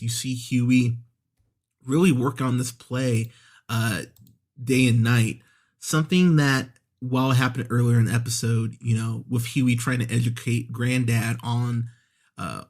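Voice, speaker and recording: A man hosting a movie podcast, reviewing an episode in a casual, conversational way, often correcting himself mid-sentence and acting out the characters' lines. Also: medium pitch. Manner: conversational, re-voices characters when quoting scenes; frequent self-corrections and fillers. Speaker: podcast host.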